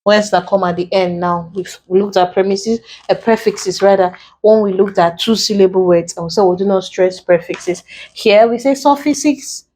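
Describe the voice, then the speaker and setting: A woman teaching an exam-prep lesson, spelling out word endings letter by letter in a deliberate way. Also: mid-range voice, steady tone, darkish tone. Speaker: English tutor.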